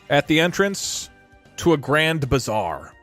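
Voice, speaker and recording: A man narrating a tabletop game as its game master and streamer, animated and quick to laugh. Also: on the high side, faint music behind.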